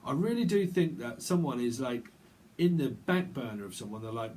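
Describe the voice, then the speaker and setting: A man giving a casual tarot reading, chatty and rambling, with quick asides. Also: mid-range voice, animated, a little mellow, slight background noise. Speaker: tarot reader.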